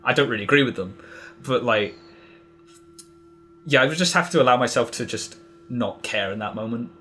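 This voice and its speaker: A man's voice: mid-range voice, normal speed, bright, forceful tone, a little hiss or hum. A young man talking as a podcast guest, hesitant and casual, full of fillers and restarts. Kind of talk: casual conversational interview.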